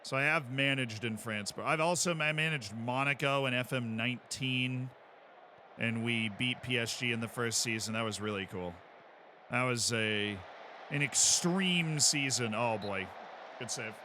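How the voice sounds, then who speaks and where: Man, game streamer, excitable, chatty, play-calling, faint background noise. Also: medium pitch, unhurried. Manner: excitable, chatty, cheers on plays. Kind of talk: live game commentary.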